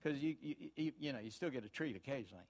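A man preaching a sermon, folksy and storytelling, swinging from quiet asides to loud emphasis. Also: mid-range voice, animated, very fast. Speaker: pastor.

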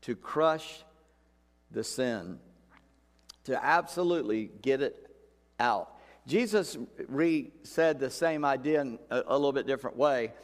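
A man's voice: mid-range voice, animated, moderate pace. Folksy preaching man in a reverberant hall. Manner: conversational, folksy preaching with repeated phrases. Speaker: pastor. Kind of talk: sermon.

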